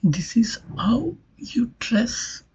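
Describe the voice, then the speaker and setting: A woman giving a recorded linguistics lecture, explaining slowly, her voice often dropping to a near-whisper. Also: fairly high pitch, sing-song, a little mellow, breathy edge. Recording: dull lo-fi recording.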